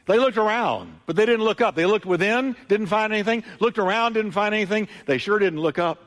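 A man's voice: high voice, lively intonation, a little fast, a bit bright. Emphatic preaching man in a reverberant hall. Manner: emphatic preaching, repeating phrases with rising and falling intensity. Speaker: pastor. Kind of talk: sermon. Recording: long church hall reverb.

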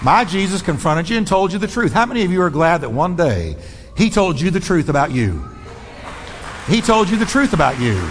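High-voiced man preaching in an echoing hall. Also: very animated, fairly quick, slight background noise. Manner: bold, emphatic preaching with shifting pace. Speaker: pastor. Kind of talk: sermon. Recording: long reverb of a large hall.

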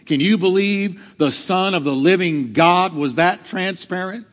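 A man's voice: high voice, measured pace, hardly any pauses, a bit bright, in a large hall. A male pastor preaching a sermon, acting out quotes with dramatic swings in delivery. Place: church hall.

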